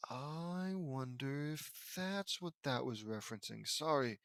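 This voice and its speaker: A man's voice: mid-range voice, animated, slow, creaky, hardly any pauses, fairly bright tone, no echo, studio quality. Sarcastic, swearing man ranting on a read-through. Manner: profane, sarcastic, rambling. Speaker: audiobook reader and commentator. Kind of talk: reading fan fiction aloud with sarcastic commentary.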